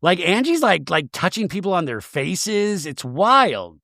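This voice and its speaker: A man hosts a comedy recap podcast, telling the story in an animated, joking way. His voice sits a little high and swings widely in pitch, with a close, dry sound. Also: vocal fry, no room sound. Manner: jokey, animated retelling with quick mock voices. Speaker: podcast host.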